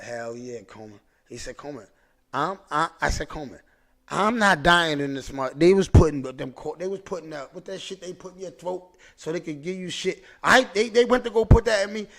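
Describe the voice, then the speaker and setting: A man hosting a podcast, telling a story in a casual, animated, profane way, with frequent restarts and repeated words. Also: a little high, vocal fry. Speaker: podcast host.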